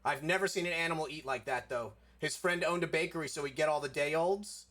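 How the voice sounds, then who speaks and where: Young guy from south florida just rambling through a story, tons of "like", slightly higher voice. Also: a little fast, a bit bright. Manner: rambling, heavy on filler "like", swears casually. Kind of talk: casual storytelling chat.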